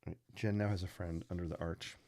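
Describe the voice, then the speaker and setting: Gravelly-voiced man hosting a sketch stream. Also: low voice, steady tone, quick pace, darkish tone. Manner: playful, punning, chatty with viewers. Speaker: host of a live sketching stream. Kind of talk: casual live-stream chat while drawing.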